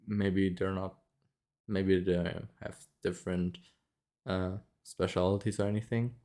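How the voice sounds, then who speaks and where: Low-voiced man telling a story casually. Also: level tone, takes it slowly, dark tone. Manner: rambling, many fillers and restarts, frequent laughs. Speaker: vlogger.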